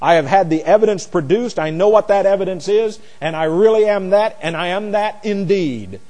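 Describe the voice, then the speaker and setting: A man's voice: sits high, normal speed, darkish tone. A man teaching scripture verse by verse in an emphatic, repetitive way, often restarting his words as he presses a point. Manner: emphatic, repeats words, self-corrects. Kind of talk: expository Bible teaching. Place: classroom or church with a board. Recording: long hall reverb.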